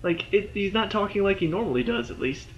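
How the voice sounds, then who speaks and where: A man's voice: high-pitched, animated, brisk, dull audio, soft background music. A man giving a casual, rambling spoken review of a TV episode, full of "you know" and "like".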